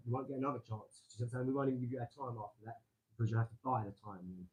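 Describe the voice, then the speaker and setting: A man hosting a casual live stream from his garage, rambling excitably and talking straight to his viewers. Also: medium pitch, fast, lo-fi sound, slight background noise. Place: home garage.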